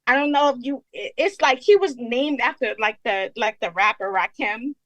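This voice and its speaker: A woman's voice: on the high side, normal speed, fairly bright tone, no room sound, dull audio. A young woman from Brooklyn, calling in and rambling with lots of fillers. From Brooklyn, New York. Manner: rambling, many fillers like "you know". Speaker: caller. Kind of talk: emotional call-in chat.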